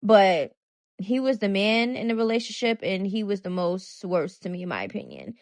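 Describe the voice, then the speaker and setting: A woman's voice: mid-range voice, sing-song, normal speed, a little mellow, dry recording. A woman giving casual commentary on a clip, chatty and hesitant with many fillers. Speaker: commentary channel host.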